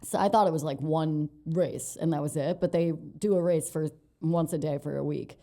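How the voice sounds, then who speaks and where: Mellow-voiced woman telling a wild story. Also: low voice, normal speed. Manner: animated, profane, laughing storyteller. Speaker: comedian guest. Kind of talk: casual podcast storytelling.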